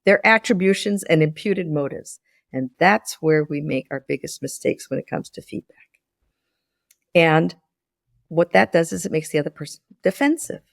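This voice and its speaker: A woman's voice: deep voice, moderate pace, vocal fry, no room sound, clean studio sound. A woman in her sixties, a former business school lecturer, explaining ideas in a podcast interview and telling anecdotes in which she acts out the dialogue. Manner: animated storyteller who acts out dialogue with repeated restarts.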